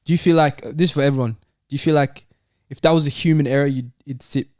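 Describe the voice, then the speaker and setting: A young man from Australia co-hosting a casual football podcast, talking in quick, slangy bursts. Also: a little high, steady tone, a little mellow, no room sound, clean studio sound. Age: young adult. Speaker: podcast co-host.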